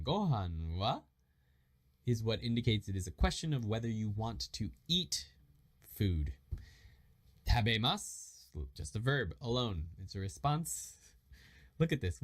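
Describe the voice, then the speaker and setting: A man teaching a casual language lesson, explaining grammar and reading example phrases slowly and patiently. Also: medium pitch. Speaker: Japanese learner teaching a lesson.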